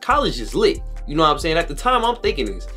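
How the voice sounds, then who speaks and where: A young man telling a story to his viewers in a casual, slangy vlog, repeating himself and rushing ahead with excitement. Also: a little high, faint music behind. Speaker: vlogger.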